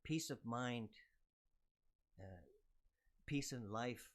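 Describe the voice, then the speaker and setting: Humble, soft-spoken older man. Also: mid-range voice, extremely slow. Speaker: musician guest. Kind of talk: casual conversation.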